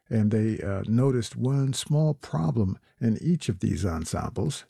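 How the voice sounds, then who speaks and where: A man hosting a jazz radio show, back-announcing the tracks in a relaxed way with frequent fillers. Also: fairly low pitch, vocal fry, slightly rough, no room sound, studio quality.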